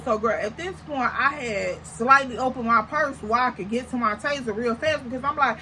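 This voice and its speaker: Speaking to camera, a young woman vlogger tells a storytime in slangy, animated fashion, stacking up exaggerated comparisons. Her bright, slightly high voice moves fairly quickly with hardly any pauses. The audio is poor, with a faint hiss behind it.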